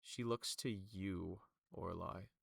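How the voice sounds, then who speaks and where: A man's voice: low-pitched, steady tone, slow pace, gravelly, breathy edge, no room sound. A man narrating as game master for a tabletop game, loose and full of fillers.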